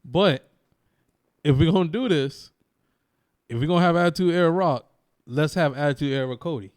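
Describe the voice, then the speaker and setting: A man's voice: fairly high pitch, moderate pace, a little mellow. A man co-hosting a casual podcast, ranting emphatically and repeating slang for emphasis. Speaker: co-host.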